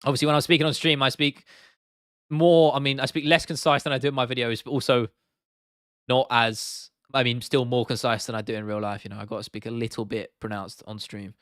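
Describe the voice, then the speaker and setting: A man's voice: mid-range voice, level tone, fairly quick, a bit bright, no echo, studio quality. Casual English man chatting on stream. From England. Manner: casual and chatty, swears freely, reads chat aloud. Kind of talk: casual live stream chat.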